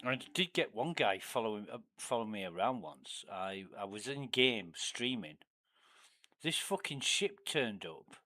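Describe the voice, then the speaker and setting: A man chatting casually on a game livestream, telling a rambling, profane story, often trailing off into low mumbles. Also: very animated, a little slow, bright, forceful tone. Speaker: game streamer.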